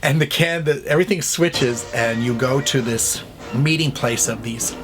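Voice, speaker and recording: A man's voice: medium pitch, moderate pace, over music. A man reviewing a classic film in a chatty way, retelling scenes and acting out the lines.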